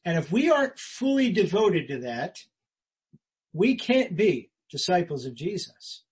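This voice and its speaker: A man preaching a sermon as pastor, earnest and conversational, rising for emphasis and dropping quiet. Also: sits high, big pitch swings, a little slow, breathy edge, rough recording. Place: church.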